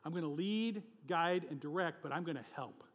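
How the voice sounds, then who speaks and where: A male pastor preaching a sermon with emphatic, animated delivery, often chuckling between points. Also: fairly high pitch, moderate pace, big-room sound.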